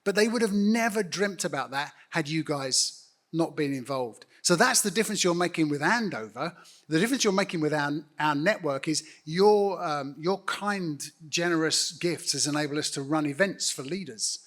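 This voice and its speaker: Earnest man, higher-pitched voice. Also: expressive, moderate pace, fairly bright tone. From United Kingdom. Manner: earnest, direct, appealing to the audience. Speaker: guest church network leader. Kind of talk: on-stage interview speaking to a congregation.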